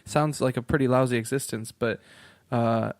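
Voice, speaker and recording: A man's voice: mid-range voice, steady tone, normal speed, no room sound, studio quality. Self-mocking, rambling man on a podcast. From Virginia, USA. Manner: rambling, self-mocking, swears casually, laughs often. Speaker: podcast co-host. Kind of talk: casual podcast chat.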